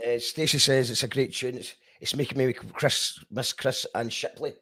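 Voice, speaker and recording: A man's voice: medium pitch, steady tone, normal speed, fairly bright tone. A man hosting a live-streamed interview, reading out viewer comments and asking questions with frequent restarts and fillers. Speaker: host.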